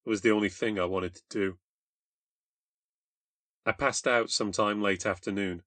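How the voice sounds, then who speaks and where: Low-voiced man narrating a ghost story. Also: fairly even intonation, moderate pace, a bit bright, dry recording. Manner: blunt, sardonic, self-deprecating. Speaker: storyteller and podcast host. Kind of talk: first-person scripted narration of a ghost story.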